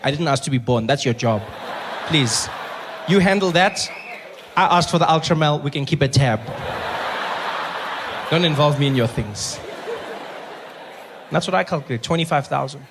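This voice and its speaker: A man performing stand-up on a stage mic, his voice sitting a little higher than most men's. He tells stories with animated energy and slips into other people's voices as he goes. A faint room hum lies under his words. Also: moderate pace, long pauses. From South Africa. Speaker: stand-up comedian. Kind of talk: stand-up comedy set. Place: theater stage before a live audience.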